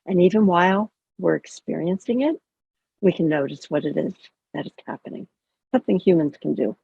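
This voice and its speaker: A chaplain guides listeners through a self-compassion practice in a calm, conversational way, with touches of gentle humor. Her woman's voice is husky and slightly gravelly. The sound is dry and dull, typical of a lo-fi video call. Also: on the low side, brisk, no echo. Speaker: chaplain and educator. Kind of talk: guided mindfulness teaching.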